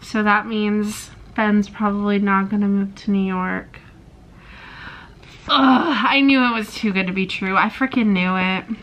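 A woman's voice: medium pitch, steady tone, measured pace, muffled recording. A young woman vlogging about a book she is reading, emotional and gushing, sighing often. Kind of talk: casual reading vlog.

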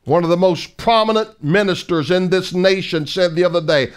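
A man's voice: high voice, lively intonation, a little slow, hardly any pauses, a bit bright, smooth. A middle-aged man preaching a fiery sermon as an evangelist, emphatic and mocking, full of rhetorical questions.

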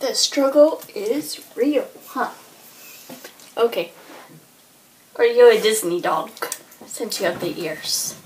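A woman hosts a cheerful home pet vlog, putting playful questions to her dogs. She talks slowly in a high, swooping, sing-song baby-talk voice, with faint noise behind her. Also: expressive, darkish tone, low-quality recording. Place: home room with an ottoman.

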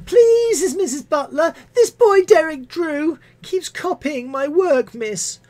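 A live-stream poetry reader voicing a young schoolchild who keeps tattling to the teacher in a whiny, pleading, drawn-out way. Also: sits high, expressive, a little mellow, pitched above the performer's own voice.

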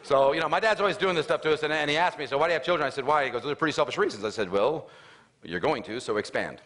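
A man's voice: on the high side, fast talker. A middle-aged man, a motivational speaker, telling a family story to an audience and acting out the dialogue with humor. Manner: animated storyteller, acts out his father's lines with raised voice.

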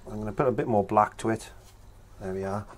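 A man's voice: lowish voice, steady tone, fast talker, slight background noise. A man teaching a painting tutorial, chatting casually and thinking aloud as he works. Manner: chatty, thinks aloud with fillers while working. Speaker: painting instructor.

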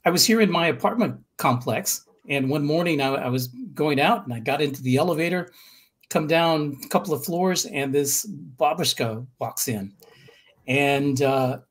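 American male guest, a bit husky, mid-high voice, animated storyteller. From United States. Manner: animated, tells stories with restarts. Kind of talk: casual storytelling.

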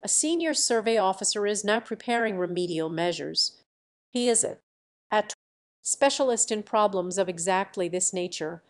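A woman's voice: mid-range voice, animated, normal speed, close to an everyday voice. Woman voicing a dry, icy sector chief. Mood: grim. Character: dry, grimly controlled male sector chief. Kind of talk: audiobook reading.

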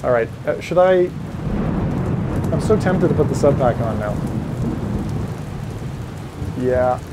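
In a very noisy recording, a man with a medium-pitched, animated voice takes it slowly while streaming a VR game. His chatter is casual and rambling, and he reads viewers' messages aloud.

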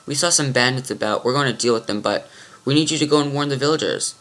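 A man's voice: mid-range voice, fast, fairly bright tone, lightly acted. A man voicing a firm young swordswoman who leads a small band, speaking steadily and carefully. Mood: earnest. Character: spirited young swordswoman leader, calm and firm.

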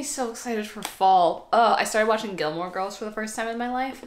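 A woman's voice: mid-range voice, normal speed, few pauses, a little hiss or hum. A young woman vlogging an unboxing, chatty and gushing, squealing over cute items. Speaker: YouTuber. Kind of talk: excited unboxing vlog. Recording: echoey room.

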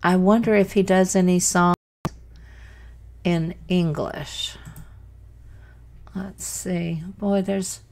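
A woman's voice: fairly low pitch, fairly even intonation, slow pace, vocal fry, long pauses, darkish tone. A woman hosting a reaction channel, exclaiming in amazement and stumbling over restarts as she talks into her microphone. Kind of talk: casual reaction commentary. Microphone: desk microphone.

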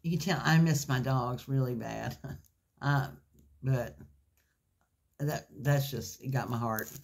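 A woman's voice: very deep voice, slow, gravelly, a little mellow. A woman, chatting in a gushing, folksy way as she shows off craft supplies in a haul video. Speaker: craft vlogger. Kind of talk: casual haul video chat. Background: faint crinkling of plastic packaging.

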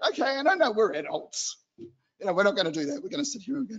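Man, lay preacher, very high voice, chatty, animated, church hall, muffled lo-fi sound. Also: quick pace, breathy edge. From New Zealand. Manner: chatty and animated, acts out excited children. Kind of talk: church exhortation.

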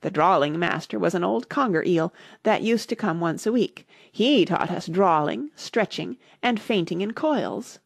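A woman's voice: lowish voice, expressive, unhurried, gravelly, few pauses, no echo, clean studio sound, heavily acted. A woman voicing a self-pitying, sighing male sea creature in a storybook reading, with a mournful delivery.

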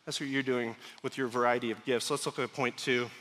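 A man's voice: mid-range voice, steady tone, fairly quick, a bit bright. A male pastor preaching a sermon in a large church, conversational and given to joking asides to the congregation. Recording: long hall reverb. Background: congregation laughing at times.

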